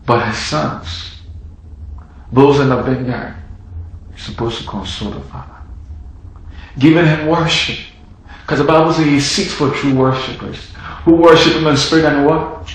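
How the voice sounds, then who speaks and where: A man preaching a sermon in a dramatic style, acting out the characters' words and swinging between loud, raised passages and hushed ones. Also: mid-range voice, measured pace, long pauses. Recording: heavy room echo.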